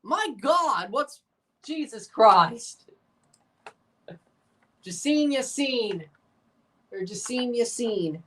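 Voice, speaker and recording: A man streaming his live reaction to a football match, swinging between muttered grumbling and loud, exasperated shouts. He sits a little back from the microphone, so his voice comes across slightly distant. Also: very high voice, slow pace, husky. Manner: excitable, exasperated, bursts into shouts. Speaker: watchalong streamer.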